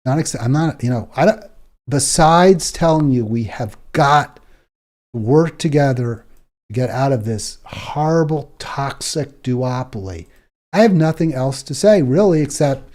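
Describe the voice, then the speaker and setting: Fired up guy hosting a political show, warm mellow voice, indignant, keeps repeating himself. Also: mid-range voice, lively intonation, unhurried. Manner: indignant, exasperated, repeats words when worked up. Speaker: political talk show host. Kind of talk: political commentary monologue.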